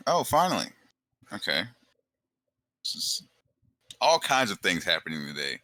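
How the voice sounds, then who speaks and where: A man's voice: sits low, measured pace, no echo, studio quality. A man playing a tabletop game, joking and chatting in character. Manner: animated and joking. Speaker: player. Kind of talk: casual tabletop banter and in-character talk.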